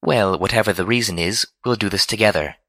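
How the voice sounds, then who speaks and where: A man's voice: lowish voice, fairly quick, pushed and bright, no room sound. A man voicing a refined, dramatic female pony designer with a genteel, affected manner. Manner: genteel, affected, says darling.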